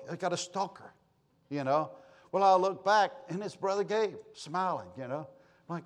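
A man, a pastor telling a folksy, animated story from the pulpit and acting out the exchanges. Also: high voice. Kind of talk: sermon storytelling.

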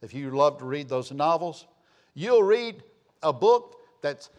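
An older man preaches as pastor in a slightly high, animated voice at an unhurried pace. He's emphatic, calling for amens, and his voice drops from loud bursts to hushed lines.

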